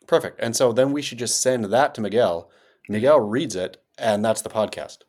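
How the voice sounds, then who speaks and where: An American man co-hosting a podcast, riffing in a playful, rambling way with sudden jumps in pitch. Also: normal speed, darkish tone. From United States. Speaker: podcast co-host. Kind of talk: casual chat.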